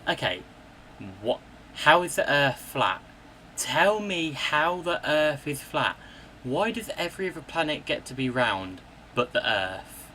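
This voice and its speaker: Slow, emphatic, bright-voiced man. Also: on the high side, sing-song, a little hiss or hum. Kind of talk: casual ranting commentary.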